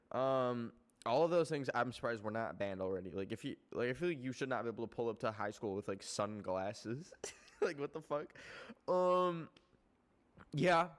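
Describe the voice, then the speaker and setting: A man from Canada, a streamer chatting casually to his viewers, rambling and swearing often, with excitable bursts. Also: fairly low pitch. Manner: rambling, profane, excitable, with laughs.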